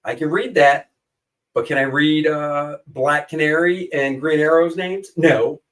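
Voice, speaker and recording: A man co-hosting a laid-back chat, wandering from joke to joke. His voice is a little high and sits somewhat back from the mic. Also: steady tone, unhurried, a bit bright, distant mic, rough recording. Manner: jokey, rambling, flips voices for quotes. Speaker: co-host. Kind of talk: casual chat.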